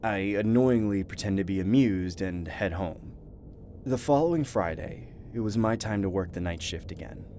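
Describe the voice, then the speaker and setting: A man narrating a first-person animated horror story in a dramatic, tense storytelling manner. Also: deep voice, normal speed, a little hiss or hum. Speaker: narrator and voice actor.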